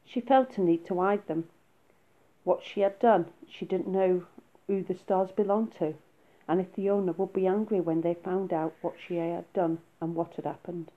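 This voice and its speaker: Woman storyteller, soft storybook reading, lower voice, narrow phone-like sound. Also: fairly even intonation, moderate pace. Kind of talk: storybook read-aloud.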